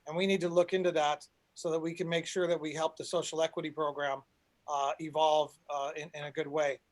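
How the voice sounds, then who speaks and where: High-voiced rambling male panel host. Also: flat delivery, a little fast. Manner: rambling with frequent restarts. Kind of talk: online panel moderation.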